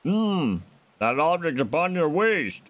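A man's voice: a little high, big pitch swings, takes it slowly, fairly bright tone, full character voice. A man voicing a giant, regal old fish king, using formal old-fashioned speech. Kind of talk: voicing game dialogue on a stream.

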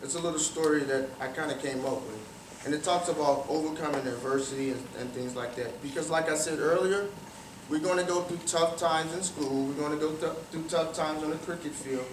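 Casting: man with a high voice, interactive storyteller asking the audience questions, in an echoey room, faint ambience. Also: a little fast, noisy background. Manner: repeats phrases for emphasis. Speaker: guest speaker at a youth cricket academy. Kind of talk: motivational storytelling talk. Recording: roomy, distant, faint ambience.

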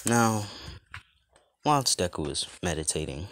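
A man's voice: deep voice, big pitch swings, a little slow, fairly bright tone. A man casually retelling a fan story, rambling with lots of fillers and restarts.

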